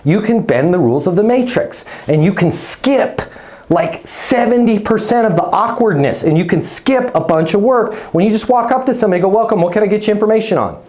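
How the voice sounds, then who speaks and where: Punchy, energetic male leasing trainer. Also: high voice, moderate pace. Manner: energetic, punchy, checks in with 'okay? right?'; hypes up listeners with playful nicknames. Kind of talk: live online training talk.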